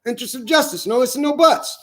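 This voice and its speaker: A man in a furious, profane rant, repeating himself and shouting at times. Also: very high voice, fast. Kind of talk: angry profane rant to camera.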